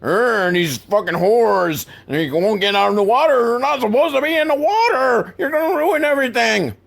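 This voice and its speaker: A crotchety old man rants in a raised, strained voice that pushes higher and louder as he scolds, put on by a man retelling a movie scene. The grumble is raw and unpolished. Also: animated, normal speed, creaky, full character voice. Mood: ranting. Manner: grumbling, ranting. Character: cranky yelling old man.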